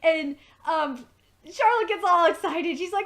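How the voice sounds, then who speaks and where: High-voiced woman rambling through a recap. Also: lively intonation, normal speed, a bit bright, a little hiss or hum. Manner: rambling, profane, full of "like" and "um". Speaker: TV episode reviewer. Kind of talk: casual episode recap.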